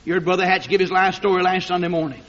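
A fiery preacher man with a high, bright voice swings from hushed, low passages to drawn-out shouts. The recording sounds dull and lo-fi, like an old tape of a church service. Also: fairly even intonation. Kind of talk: fiery sermon.

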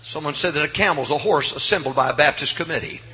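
Husky preacher, high and shouting. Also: male voice, fast. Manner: swings from hushed to shouting. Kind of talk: revival sermon. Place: church sanctuary.

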